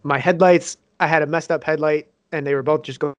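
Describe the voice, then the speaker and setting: A man's voice: fairly high pitch, fairly even intonation, fast, muffled recording. A young man co-hosting a casual podcast, joking, teasing and swearing as he gives updates. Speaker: podcast co-host. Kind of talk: casual banter.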